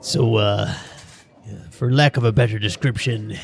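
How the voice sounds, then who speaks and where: A man voicing Titus, a male bartender who has spent years at sea, speaking in a halting, hesitant way. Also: lowish voice, gravelly. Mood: calm.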